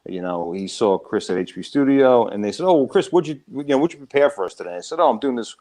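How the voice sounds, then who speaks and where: A man, a comedy club owner, telling a lively story in casual chat and acting out the other voices. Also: mid-range voice, fast talker, low-quality recording. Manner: animated, acts out quoted voices.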